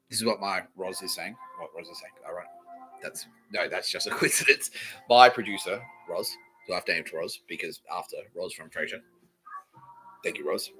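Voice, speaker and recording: A man's voice: fairly low pitch, sharp tone, rough recording. A man, hosting a podcast and telling a rambling, sweary comedic story while laughing at his own jokes. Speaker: podcast host.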